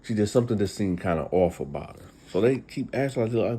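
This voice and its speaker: A man's voice: on the low side, expressive, fairly quick, mellow, a little hiss or hum. A man hosting a casual storytime retelling, chatty and talking straight to his listeners. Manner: chatty, addresses listeners directly. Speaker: storyteller host.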